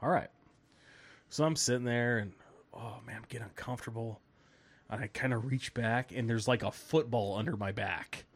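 A man in the middle of a long, rambling podcast story, swearing freely and breaking into laughs. He slips into the voices of the people he describes. His voice sits at an ordinary, middle pitch. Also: moderate pace. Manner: animated, swearing, laughing while telling stories, acting out quoted people. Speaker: podcast host. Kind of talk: casual storytelling.

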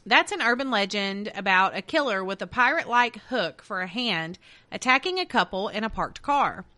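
A woman's voice: medium pitch, lively intonation, moderate pace, pushed and bright. A woman, co-hosting a casual podcast and reading urban legends aloud to her co-host. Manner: reads stories aloud, then jokes and laughs with co-host. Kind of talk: casual storytelling chat.

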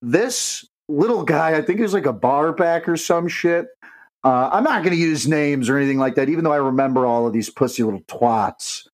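This podcast co-host is a young man with a voice on the high side and a brisk pace, captured on a rough recording. He spins a long, rowdy tale in loose, profane language, animatedly performing the voices of everyone he quotes.

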